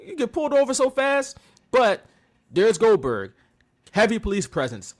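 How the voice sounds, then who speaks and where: A man co-hosting a casual podcast, his voice sitting a touch high and leaping around with lively swings in pitch. He tells the story with animated energy, mocking quotes and frequent laughs. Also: moderate pace. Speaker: podcast co-host. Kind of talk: casual wrestling recap chat.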